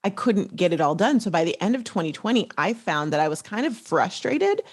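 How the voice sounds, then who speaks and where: A woman's voice: medium pitch, very animated, a little fast. A woman in a casual business chat, telling her story with enthusiasm. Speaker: network marketing coach, guest.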